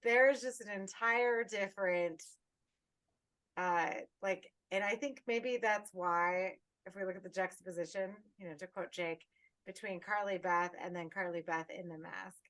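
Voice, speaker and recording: A woman co-hosting a podcast, talking in a loose, rambling way and swearing freely. She is animated, at a middle pitch, over a remote call. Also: measured pace. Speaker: podcast co-host. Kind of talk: casual chat.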